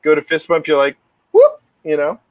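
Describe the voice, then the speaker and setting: A man's voice: fairly high pitch, level tone, fast talker, dry recording, dull audio. A middle-aged man co-hosting a podcast, telling rambling, laughing anecdotes in casual chat. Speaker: podcast co-host.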